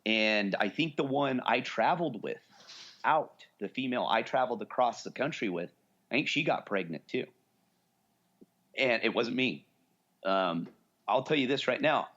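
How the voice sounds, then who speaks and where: A man's voice: mid-range voice, animated, normal speed, pauses often, a bit bright, lo-fi sound. A man in his forties co-hosting a podcast, telling long stories in casual chat and acting out what people said. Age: 40s. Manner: rambling storyteller, acts out quoted voices. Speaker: podcast co-host.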